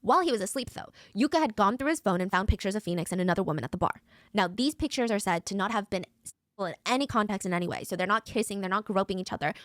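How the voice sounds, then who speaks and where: True crime narrator: woman, quick delivery, dry close-miked sound. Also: mid-range voice, animated, no room sound. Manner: fast, dramatic, conversational retelling.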